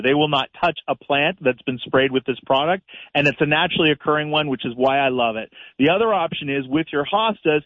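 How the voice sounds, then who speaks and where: A man's voice: on the high side, dry recording. A man from Canada, a gardening expert on a radio call-in, giving practical step-by-step advice with easy laughs. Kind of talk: casual advice chat. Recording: tinny phone-line sound.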